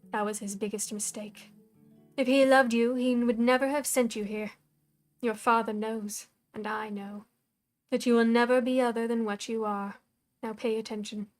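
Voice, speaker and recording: A woman reading aloud and voicing a cold, scornful older woman who acts as a dark mentor, speaking in a low, hushed, commanding way. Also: steady tone, moderate pace, soft background music, lightly acted.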